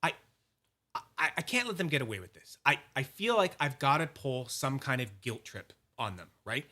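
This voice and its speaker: Man, young adult, from Canada, bright voice, casual vlog storytelling, swears, acts out other people. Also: medium pitch, big pitch swings, normal speed. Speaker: YouTube fidget collector host.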